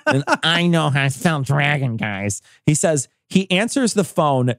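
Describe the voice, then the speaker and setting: A man hosting a podcast in casual chat, animated, swearing and laughing often. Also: a little high, measured pace, no room sound, clean studio sound. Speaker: podcast host.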